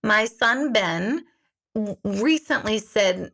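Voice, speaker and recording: A woman's voice: mid-range voice, moderate pace. A woman in her forties, an intuitive life coach, chatting candidly with viewers in a sarcastic, jokey way and swearing freely. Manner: animated, jumps between comments. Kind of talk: casual live chat answering viewer comments.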